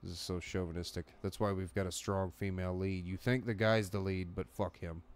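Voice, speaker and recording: Male co-host, low voice, crude jokey movie commentary. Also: fairly even intonation, a little fast, clear, resonant tone. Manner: crude, jokey, laughs often.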